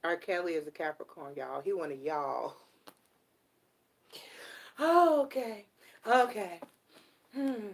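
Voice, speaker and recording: A middle-aged woman giving a casual live tarot reading, blunt and animated and swearing freely. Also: on the low side, slow, vocal fry, pauses often. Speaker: tarot reader.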